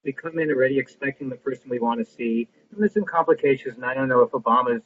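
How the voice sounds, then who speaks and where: A man joining a group discussion with measured, thoughtful remarks. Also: medium pitch. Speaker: discussion participant. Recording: husky voice over a tinny phone-like line.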